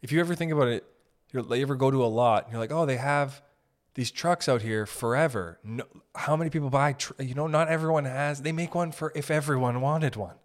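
A young man hosting a podcast, rambling through a profane, animated comedic monologue. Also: mid-range voice, fast talker. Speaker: podcast host.

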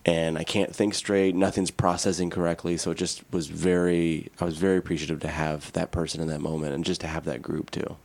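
A man's voice: deep voice, flat delivery, fairly quick, few pauses, a little mellow. A man co-hosting a podcast, telling a personal story in a candid, rambling way. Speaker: podcast co-host. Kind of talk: casual podcast chat.

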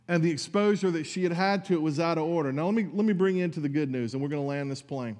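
A man's voice: fairly high pitch, fast talker, a little mellow, long reverb tail. A man preaching a sermon as pastor, earnest and conversational, with asides to his congregation.

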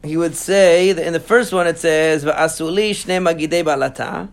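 A man teaching in a casual study session, reading Aramaic passages aloud and then translating and explaining them in a halting way, with many fillers and restarts. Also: on the high side, fairly even intonation, vocal fry. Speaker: Talmud teacher.

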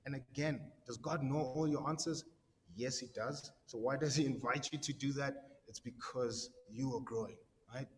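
A man's voice: medium pitch, fairly even intonation, moderate pace, big-room sound, slight background noise. A man giving a casual, conversational sermon, slangy and full of "right?" tags and repeated words. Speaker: preacher.

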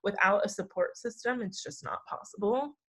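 A woman hosting a podcast, chatting openly, effusive and swearing, quick to cry. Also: medium pitch, a bit bright. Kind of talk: casual podcast chat.

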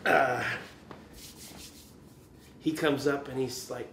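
A man's voice: mid-range voice, steady tone, slow pace, gravelly, a bit bright, slight background noise. A man, a musician guest, telling a gig story in a loose, rambling way, with lots of "you know" and laughs. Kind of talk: casual storytelling. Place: room in Kansas City. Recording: echoey room.

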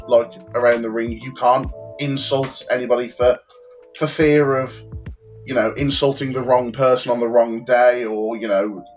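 A man chatting casually on a podcast, loose and talkative, dropping in "like" and "do you know what I mean" as he goes. His voice sits at a middling pitch, with faint music playing underneath. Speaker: wrestler and promoter.

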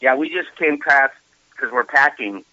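A man's voice: medium pitch, measured pace, sharp tone, no room sound, lo-fi sound. A man telling casual stories on a podcast, swearing freely. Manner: swears freely, tells stories with quoted asides. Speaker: podcast guest. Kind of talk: casual chat.

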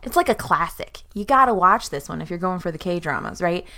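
A young adult woman chatting casually and playing a tabletop role-playing game, bubbly and excitable. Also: on the low side, fairly quick. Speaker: player.

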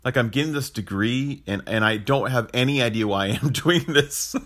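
A man's voice: mid-range voice, moderate pace, fairly bright tone. A man in his thirties hosting a podcast, talking casually and earnestly about faith and family life, with frequent restarts and chuckles. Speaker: podcast host. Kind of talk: casual reflective talk on faith.

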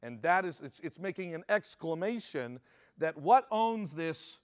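A man's voice: on the high side, animated, unhurried, clean tone. A man preaching a sermon in a conversational way, often restarting his sentences and putting questions to the congregation. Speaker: pastor. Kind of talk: sermon teaching.

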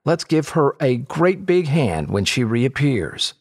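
A man's voice: medium pitch, big pitch swings, slow, slightly rough, big-room sound, voice pushed up, exaggerated voice. A man voicing a jovial middle-aged fair showman who talks in a theatrical, joking way. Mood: showy.

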